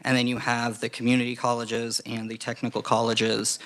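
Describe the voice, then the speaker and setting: A man walks a legislative committee through testimony. His pitch sits mid-range and his delivery is measured, often pausing on fillers as he explains data. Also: completely flat delivery, fairly bright tone. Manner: measured, hedging with frequent fillers. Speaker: legislative staff presenter.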